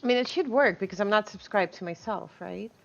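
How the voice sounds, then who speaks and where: A woman's voice: medium pitch, lively intonation, brisk, gravelly, dull audio. A woman streaming live, chatting casually with viewers, reading chat aloud and laughing often.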